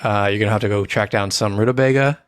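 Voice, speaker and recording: A man co-hosting a casual podcast, joking around and slowing down for announcements. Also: fairly low pitch, steady tone, no room sound. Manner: playful, jokey, slows down for announcements. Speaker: podcast co-host. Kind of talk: casual chat.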